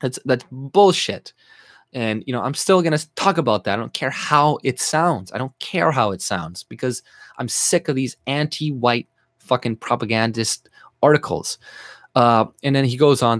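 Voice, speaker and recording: A Canadian YouTuber reads an article aloud and reacts with an angry, sarcastic, mocking rant full of swearing. His medium-pitched voice is animated and a bit bright at normal speed, in a dry, clean studio recording.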